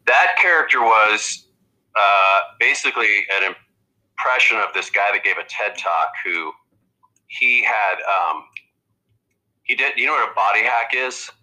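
A low-pitched man in casual podcast conversation, his voice bright and forceful. He rambles and restarts his sentences as he goes. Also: animated, poor audio. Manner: rambling, halting with many restarts. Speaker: guest comedian.

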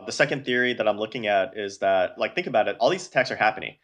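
A man's voice: fairly low pitch, animated, quick pace, fairly bright tone, dull audio. An American man speaking as a news outlet guest in a casual interview, earnest and filling his talk with like and you know. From United States.

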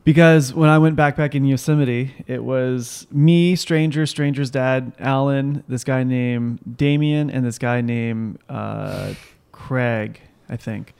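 A man's voice: mid-range voice, slow pace, creaky, darkish tone, clear, resonant tone. Rambling young male podcast host. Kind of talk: casual chat.

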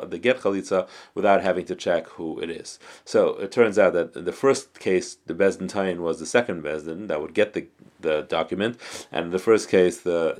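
A man teaching a Talmud class, reading the text phrase by phrase and translating it, with frequent restarts and self-corrections. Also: sits low.

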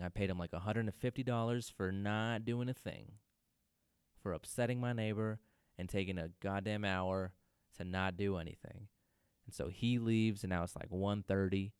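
A man's voice: on the low side, fairly even intonation, normal speed, darkish tone, clean tone, dry recording, studio quality. A man casually telling a personal story, loose and profane, peppering his talk with "dude" and "man".

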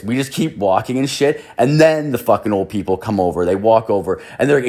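A man's voice: medium pitch, animated, moderate pace. A young man telling a long, profane, rambling anecdote, full of fillers and swearing. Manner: crude, filler-heavy, swears constantly. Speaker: storyteller.

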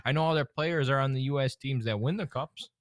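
A man's voice: medium pitch, brisk, no room sound, clean studio sound. A young man hosting a podcast, swearing and joking in loose, casual banter. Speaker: podcast host. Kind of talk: casual chat.

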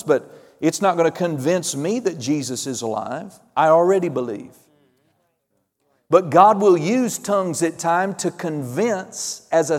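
A man preaching a fervent sermon, calling out amens and hallelujahs, swinging between loud and hushed. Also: on the high side, long reverb tail. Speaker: pastor.

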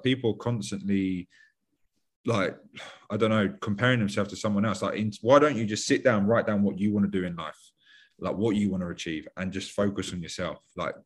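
A young British man talking casually on a podcast, rambling and blunt, with lots of fillers and swearing. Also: on the low side. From United Kingdom.

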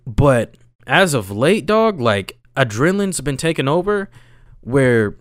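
A young man in casual chat, telling a story with lively, swooping pitch, slangy and animated, jumping between loud bursts and low mutters. The sound is dry and close, with no room around him. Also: takes it slowly, no room sound. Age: young adult.

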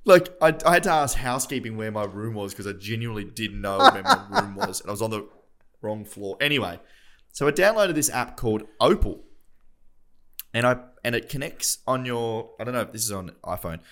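A man's voice: mid-range voice, lively intonation, fairly quick, fairly bright tone. A young man, co-hosting a podcast in casual, self-deprecating chat. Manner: self-deprecating, rambling with restarts. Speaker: podcast co-host.

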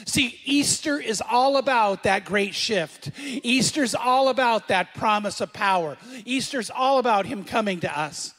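A middle-aged pastor preaches in a conversational, animated but unhurried way, putting questions to the congregation and repeating phrases for emphasis. His voice is high for a man and fairly bright. A long reverb suggests a large church.

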